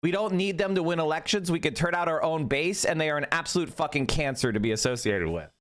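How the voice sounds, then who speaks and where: A man's voice: a little high, lively intonation, fast talker, a bit bright. A man talking on his own stream in a clip, arguing his points sarcastically. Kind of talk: casual stream commentary.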